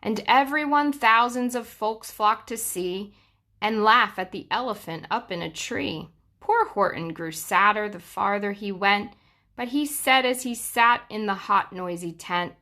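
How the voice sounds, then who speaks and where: A young woman reads a rhyming children's story aloud, taking her time and leaning into the rhythm. Her voice is bright and clear, with a lilting, sing-song flow. She lets the ends of lines fall low for effect. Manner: slow, sing-song rhyming delivery with dramatic drops. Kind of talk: children's book read aloud.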